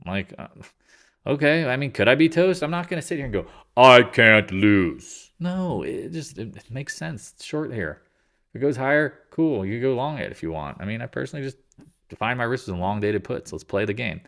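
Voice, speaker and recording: A man giving a casual, jokey daily stock market recap, full of slang and quick asides. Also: mid-range voice, lively intonation, gravelly. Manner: loose, jokey, slangy, tosses in silly voices; talks in quick asides and restarts. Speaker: market commentator.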